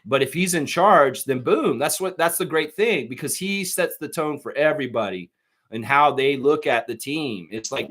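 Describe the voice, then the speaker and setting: A man hosting a live sports stream, talking in a rambling, excitable way and laughing often. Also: a little high, moderate pace. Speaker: podcast host. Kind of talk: casual live-stream chat.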